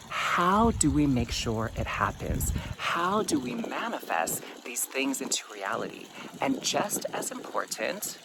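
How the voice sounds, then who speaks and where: A man giving a pick-a-card tarot reading as host, sassy and expressive, calling the listener honey. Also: medium pitch, vocal fry. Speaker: tarot reader.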